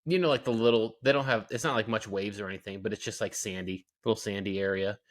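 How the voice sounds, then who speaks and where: A young man co-hosting a podcast, telling casual stories with lots of filler words and lively acted-out quotes. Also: fairly low pitch, quick pace. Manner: animated storytelling, lots of fillers. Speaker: podcast co-host. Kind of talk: casual chat.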